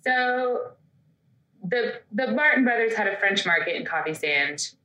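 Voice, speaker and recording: A woman's voice: medium pitch, animated, measured pace, pushed and bright, echoey room, poor audio. A woman co-hosting a podcast, chatting casually and telling stories with quoted asides. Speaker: podcast co-host. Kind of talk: casual chat.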